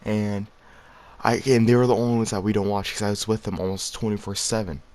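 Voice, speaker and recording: A man's voice: on the low side, fairly even intonation, a little fast, a little mellow. A teenage boy telling a story to his viewers in a casual, rambling way, full of fillers and restarts, sounding tired late at night. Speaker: vlogger.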